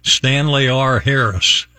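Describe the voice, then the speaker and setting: A man's voice: mid-range voice, takes it slowly, bright, forceful tone, dry recording. An older man from Virginia hosting a morning radio show, telling a rambling story and chuckling often. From Virginia, USA. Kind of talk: chatty on-air storytelling. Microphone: studio mic.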